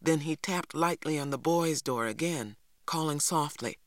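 A narrator reading a novel aloud in a steady storytelling manner. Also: medium pitch, normal speed, hardly any pauses, dry recording, clean studio sound. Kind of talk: audiobook reading.

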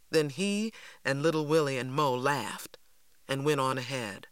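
A man reading a first-person story aloud with steady, expressive narration. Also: mid-range voice, measured pace, clean tone, dry recording. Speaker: audiobook narrator.

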